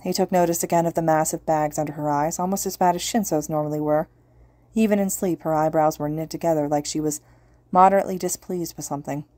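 A woman narrating a story in a steady audiobook style. Her voice is low and mellow. The recording is close and dry. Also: fast, no room sound. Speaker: podfic reader.

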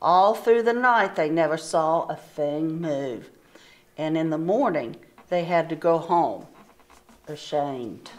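Slow, expressive woman teacher reading aloud. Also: deep voice. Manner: slow, expressive storytelling with pauses. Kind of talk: reading a storybook aloud to children.

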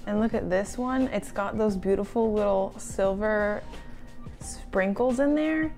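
Excitable young woman cooking on camera. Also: mid-range voice, unhurried, faint music behind. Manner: excitable and nervous, laughs often, says "like" a lot. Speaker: food vlogger. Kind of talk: casual cooking vlog.

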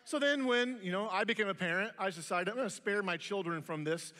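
A man's voice, high and bright, delivering a sermon from a church stage. He preaches with a light, humorous storytelling touch, and each phrase trails off into a long hall reverb. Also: brisk. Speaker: pastor.

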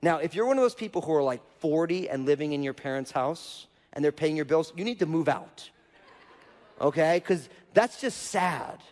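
A man's voice: fairly high pitch, expressive, moderate pace, darkish tone. A male pastor preaching a sermon in a casual, conversational way, often checking in with the audience by asking "right?". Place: church auditorium. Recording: long reverb of a church hall.

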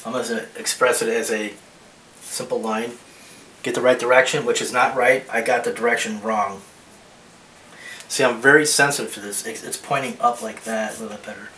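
A man's voice: medium pitch, fairly even intonation, moderate pace, bright, forceful tone. A man talks through a charcoal drawing demo as he works. He thinks aloud and rambles, often restarting his sentences. He sits back from the microphone in a roomy space, with a faint hiss under his voice. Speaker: art teacher. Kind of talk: drawing demonstration. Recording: roomy echo, mic at a distance, faint hiss.

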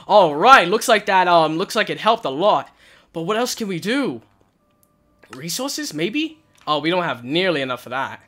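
A young man wearing a headset, giving nervous, excited gameplay commentary and crying out in panic as he plays. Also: a little high, normal speed. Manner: nervous, shouts and cries out in panic. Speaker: gaming channel host. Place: hot room at home.

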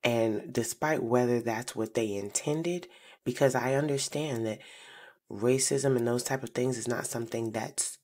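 A young woman, telling a personal story on her podcast in an animated way, slowing to hushed asides. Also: extremely low pitch. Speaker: podcast host.

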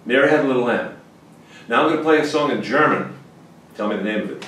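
Guitar teacher, male, folksy and lively, very roomy sound, mic set well back. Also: mid-range voice, quick pace, recorded from a distance. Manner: folksy, lively, bursts into exclamations. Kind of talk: informal guitar lesson.

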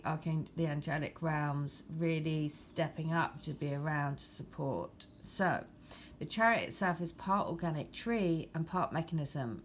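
A woman with an English accent giving a spiritual card reading, moving between steady reading of card meanings and excited, laughing chat about synchronicities. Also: sits low, slight background noise. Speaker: tarot and oracle card reader.

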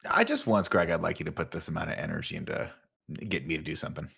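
A man's voice: rumbling low, fast talker, creaky, pushed and bright, slightly rough. A man co-hosting a podcast, chatting casually in a laid-back, wry way. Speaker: podcast co-host. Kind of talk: casual chat.

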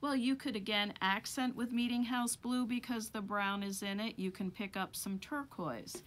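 A woman gives a hands-on craft lesson, thinking aloud as she sorts and lays out materials. Her voice sits at an ordinary middle pitch, and her delivery is easy and conversational. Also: fairly even intonation, normal speed, a bit bright. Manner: chatty, thinking aloud while handling wool. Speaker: rug hooking instructor.

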